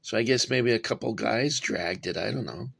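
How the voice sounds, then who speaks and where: Casual male hobby reviewer, gravelly voice, middle pitch, rambling and chatty. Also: normal speed, fairly bright tone. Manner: rambling, talks to viewers as guys, frequent fillers. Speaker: toy reviewer. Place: cramped home workspace.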